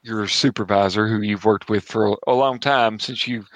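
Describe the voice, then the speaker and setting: A man's voice: on the low side, fairly even intonation, moderate pace, no echo, poor audio. A man narrating as game master of a tabletop game, playful and laughing often.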